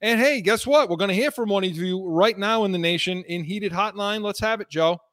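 Male sports talk co-host, a bit high, relaxed and measured, dry mic. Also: no echo. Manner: easygoing, measured, agreeable.

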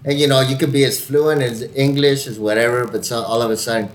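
A man's voice: medium pitch, fast talker, reverberant, a little hiss or hum. A man co-hosting a podcast in casual, profane banter, whose first language is Spanish. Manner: profane, animated storyteller. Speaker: podcast co-host.

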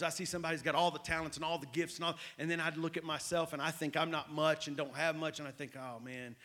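A male pastor preaches with energy and keeps checking in with his listeners. His voice sits a bit higher than most men's. He repeats his main points for emphasis. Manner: animated, repetitive preaching with call-outs to the crowd. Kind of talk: sermon.

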